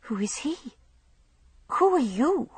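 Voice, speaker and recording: A woman's voice: high-pitched, big pitch swings, moderate pace, gravelly, slightly rough, no echo, voice pushed up, heavily acted. A woman voicing a frail, confused woman waking in a hospital bed, speaking weakly. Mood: frightened. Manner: weak, confused, rising to panic.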